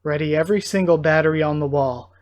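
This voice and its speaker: A man's voice: fairly high pitch, fast talker, close to an everyday voice. A man reading the lines of a stern military commander who orders the guns to fire. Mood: commanding.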